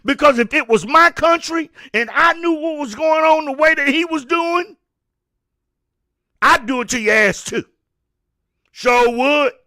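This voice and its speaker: The host of a commentary show delivers a fiery opinion rant in a very high, bright, sharp voice. He stammers, repeats himself, and preaches at the listener, keeping a measured pace with frequent pauses.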